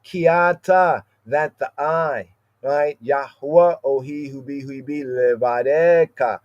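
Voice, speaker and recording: Slow repetitive man teaching scripture. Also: mid-range voice, a little mellow, dry recording, lo-fi sound. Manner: slow, repetitive, chanting Hebrew words and asking "right?". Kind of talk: podcast scripture study.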